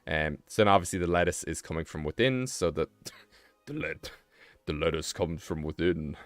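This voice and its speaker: A man's voice: low voice, moderate pace, no room sound. A young British man streaming live, chatting casually and rambling with self-mocking asides while he draws. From Britain.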